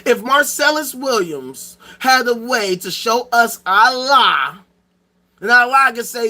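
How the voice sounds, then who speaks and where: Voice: mid-range voice, lively intonation, takes it slowly, bright, forceful tone. A streamer host ranting to the chat in a profane, sarcastic and emphatic way. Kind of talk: livestream rant to chat.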